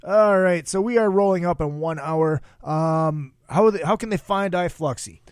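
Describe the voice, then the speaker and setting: Here the upper Midwestern podcast host has a high, clean-toned voice at a moderate pace, recorded dry at studio quality. He chats casually, telling long meandering stories full of profanity.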